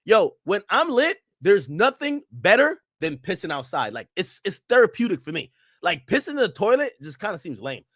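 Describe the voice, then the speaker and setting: A man's voice: high-pitched, big pitch swings, normal speed, a bit bright, no echo, studio quality. A young man streaming casual reaction commentary in a slangy, joking way.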